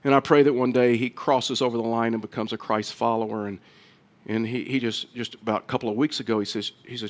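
A man preaching a sermon as pastor, earnest, with frequent restarts, growing louder and quicker toward the close. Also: mid-range voice, steady tone.

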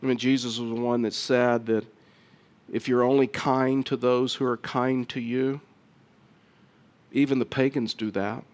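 A man preaching a sermon as pastor, earnest, with frequent restarts, growing louder and quicker toward the close. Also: medium pitch, little pitch movement.

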